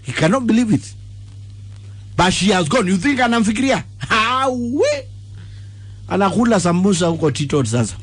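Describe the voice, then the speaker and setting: A Kenyan man co-hosting a radio show, speaking emphatically in lively banter. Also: high voice, moderate pace, long pauses, slightly rough. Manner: emphatic, mixes English and Swahili. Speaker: radio co-host.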